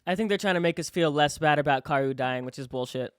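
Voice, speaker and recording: A man's voice: a little high, quick pace, clear, resonant tone, dry recording. A young man hosting a reaction video, talking casually and emphatically, swearing often in a frustrated rant.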